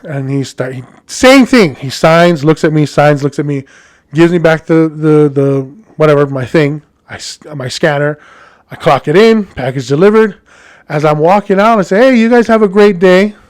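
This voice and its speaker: A man's voice: a little high, lively intonation, moderate pace, no room sound, clean studio sound. A man with a Hawaiian accent telling a story as a podcast host, in a rambling, chatty monologue addressed to his listeners.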